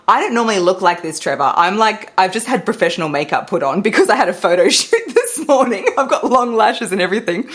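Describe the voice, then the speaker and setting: A woman, a voice and public speaking coach, talking animatedly as a guest in a podcast interview. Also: lowish voice. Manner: animated, expressive, laughs often.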